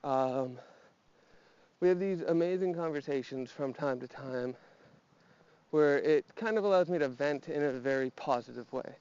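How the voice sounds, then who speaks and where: A man's voice: fairly high pitch, darkish tone, highs cut off. A man talking casually while walking his dog outdoors, a little out of breath and slightly nasal, rambling with restarts and fillers. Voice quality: a bit nasal. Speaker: podcast host.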